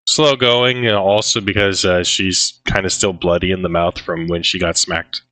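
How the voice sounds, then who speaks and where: A man's voice: low voice, steady tone, moderate pace, pushed and bright, dry recording, poor audio. A man co-hosting a casual film discussion, recapping scenes in a laid-back way with frequent fillers and quoted lines. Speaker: podcast co-host.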